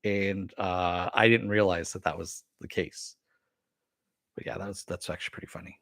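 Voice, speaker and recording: A middle-aged man hosting a live-stream review, chatting casually and answering viewer comments with many fillers and pauses. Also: sits low, fairly even intonation, fairly bright tone, dry recording, clean studio sound. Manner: rambling, with frequent fillers and throat clearing.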